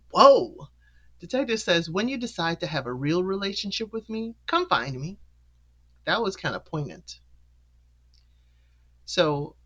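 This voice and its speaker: Recapping an episode in an easygoing chat, a show host plays out the characters' lines by leaping up in pitch, then settles lower for the storytelling. The delivery is animated, with laughter between points.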